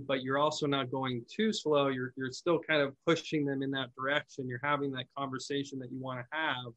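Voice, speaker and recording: A man who owns a call center, hosting a podcast and explaining phone sales in a relaxed, chatty way, often restarting his words. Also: mid-range voice, rough recording. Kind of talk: casual conversational podcast chat.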